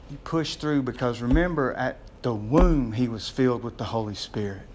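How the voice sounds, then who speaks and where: A man, a pastor preaching a sermon in a conversational way, calling the congregation "gang" and getting loud and excited as he acts out scenes. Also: mid-range voice, moderate pace, few pauses, slight background noise.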